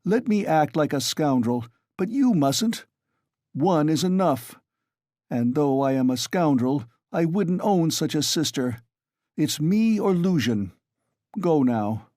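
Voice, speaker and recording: A man's voice: on the high side, expressive, takes it slowly, warm tone, no room sound, clean studio sound, voice pushed up. Man voicing Raskolnikov, feverish and snapping. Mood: insistent. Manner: snapping, insistent. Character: feverish young man, irritable, sickly.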